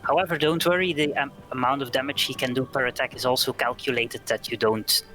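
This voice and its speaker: A man running a tabletop game as dungeon master, talking through the rules with plenty of fillers. His voice is bright and forward, with faint background music playing under the talk. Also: medium pitch, fairly even intonation, a little fast, rough recording. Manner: explains rules at length with many fillers.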